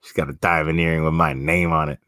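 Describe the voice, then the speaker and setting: A man's voice: very deep voice, little pitch movement, fast, pushed and bright, no room sound, studio quality. A man hosting a livestream, chatting casually with viewers in a profane, slangy, laid-back way. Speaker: livestream host.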